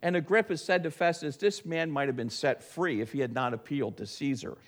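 A man with a notably high voice delivers a sermon from the pulpit of a church. He preaches emphatically, pushing certain phrases loud and slow for stress. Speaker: pastor. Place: church sanctuary.

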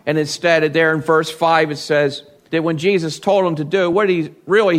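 A man's voice: on the high side, moderate pace, a bit bright. A man preaching a sermon as pastor, reading scripture and acting out quoted voices with big swings.

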